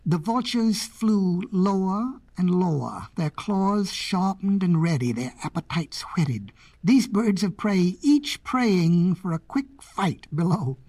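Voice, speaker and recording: A woman narrating storybook fables in a playful, expressive way. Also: fairly low pitch, slow pace, breathy edge.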